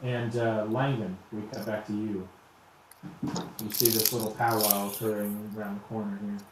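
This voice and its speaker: A man running a tabletop game as game master, narrating scenes loosely with plenty of pauses and fillers. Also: fairly low pitch, little pitch movement. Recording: very echoey room, faint hum.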